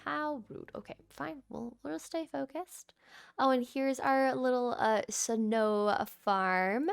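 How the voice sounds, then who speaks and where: A young woman giving relaxed, chatty commentary over her gameplay, easily surprised and cooing at the animals. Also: fairly high pitch, slow, gravelly, smooth. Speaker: gaming channel host. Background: soft background music.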